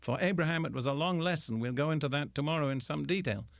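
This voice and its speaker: An older man giving a radio Bible teaching, slow and deliberate, with emphatic pauses. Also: fairly high pitch, creaky, no echo, studio quality.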